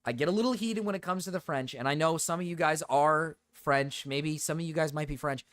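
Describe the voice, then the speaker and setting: A man's voice: fairly high pitch, fairly quick, fairly bright tone, no echo. A man streaming, rambling through joking rants with lots of repetition and swearing. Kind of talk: casual live-stream chat.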